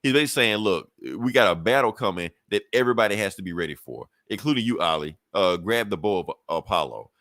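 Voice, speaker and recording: A man's voice: lowish voice, animated, fast talker, few pauses, fairly bright tone, no room sound, studio quality. A man casually recapping a comic book on a podcast, swearing freely and acting out the characters' lines. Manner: loose and profane, acts out characters' lines with laughs. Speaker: podcast co-host reviewing comics.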